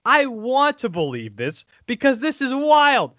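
Crude, animated sports podcast host. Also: male voice, very high voice, a little slow, no room sound. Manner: animated, crude, laughing asides. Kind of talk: casual sports podcast chat. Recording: dull lo-fi audio.

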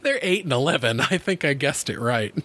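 Speaking briskly in a mid-range voice, a man in his thirties hosts a podcast, spinning lively, casual stories with frequent laughter and plenty of swearing.

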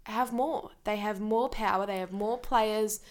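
A woman's voice: medium pitch, fairly even intonation, a little slow. Young aussie woman chatting footy tips, sure of herself, laughs a lot. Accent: Australian. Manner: confident, laughs easily. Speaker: podcast co-host. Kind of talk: casual sports chat.

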